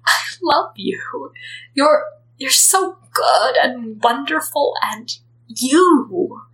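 A woman's voice: sits high, sing-song, extremely slow, a bit bright, pitched above the performer's own voice, full character voice, low-quality recording. A woman voicing an affectionate, emotional young man who gushes breathlessly in a storybook reading. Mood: gushing.

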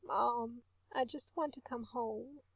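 A woman's voice: fairly high pitch, steady tone, slow pace, breathy edge, dry recording, exaggerated voice. Woman reading as a heartbroken young man. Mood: tearful. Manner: soft, quiet, breaking voice. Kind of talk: audiobook reading.

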